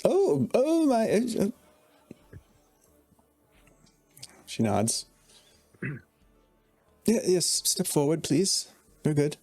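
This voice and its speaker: A woman's voice: low voice, animated, slow pace, darkish tone, soft background music, full character voice. A man voicing a polite, easily flustered woman of the church, fussy and stammering.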